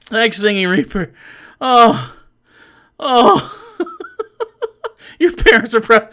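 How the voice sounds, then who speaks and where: A male livestreamer with a high, bright voice that swings widely in pitch. He talks in a loose, mocking way, swears freely and laughs often. His tone is clean and crisp. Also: wildly swooping pitch, drawn-out words, long pauses. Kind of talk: casual livestream chat.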